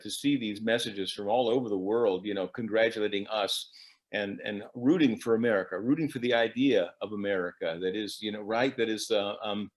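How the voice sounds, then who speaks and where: A man who is a musician, speaking casually at a church service with wry joking asides and a halting delivery full of restarts. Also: fairly low pitch. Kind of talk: casual spoken reflection.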